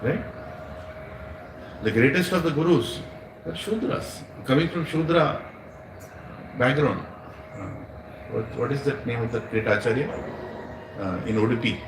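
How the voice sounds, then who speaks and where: A man's voice: mid-range voice, a little slow, long pauses, noisy background. Indian man teaching from a distance. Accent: Indian English. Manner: storytelling, asks the audience questions, laughs often. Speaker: spiritual teacher. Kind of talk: devotional satsang lecture. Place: room with a small gathering. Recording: echoey room, voice from far off.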